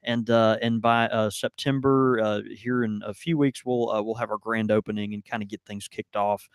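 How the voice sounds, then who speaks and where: A man's voice: lowish voice, fairly even intonation, normal speed, smooth, dry recording. A man co-hosting a live podcast, rambling and laid-back with many fillers, on a studio mic. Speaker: podcast co-host and shop owner. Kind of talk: casual live podcast banter.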